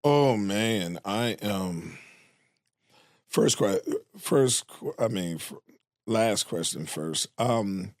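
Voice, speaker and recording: A middle-aged man, a guest comedian, telling stories in a relaxed, profane way during a casual chat. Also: lowish voice, extremely slow, dry recording, studio quality. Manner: laid-back, profane storytelling.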